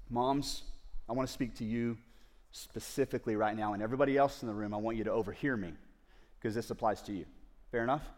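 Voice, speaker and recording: Pastor preaching, hushed to loud. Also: male voice, mid-range voice, fast talker. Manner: swings from hushed tender asides to loud pleading; addresses the audience directly. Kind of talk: sermon. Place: church service before a congregation.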